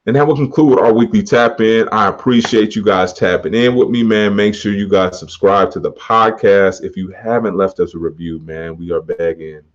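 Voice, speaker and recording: Slangy low-voiced podcast host. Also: male voice, normal speed, few pauses. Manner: slangy, conversational, laughs often. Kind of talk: casual motivational monologue. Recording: dull muffled podcast audio.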